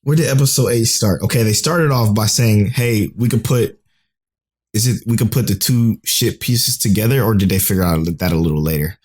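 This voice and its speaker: A young man with a lowish voice co-hosts a podcast in casual chat. He recaps episodes excitedly, swearing now and then, and piles on quick asides. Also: slightly rough. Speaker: podcast co-host.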